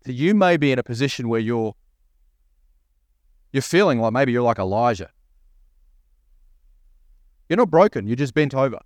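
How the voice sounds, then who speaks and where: A man's voice: medium pitch, lively intonation, moderate pace, pauses often, no echo, clean studio sound. A male pastor preaching a sermon, asking the congregation rhetorical questions and reading scripture aloud. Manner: reads scripture aloud, voicing the prophet's lines.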